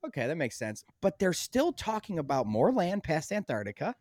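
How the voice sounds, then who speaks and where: A man talking as a podcast guest, telling stories in an animated, emphatic and insistent way. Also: a little high, normal speed, no echo, studio quality. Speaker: podcast guest, documentary filmmaker. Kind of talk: casual podcast conversation.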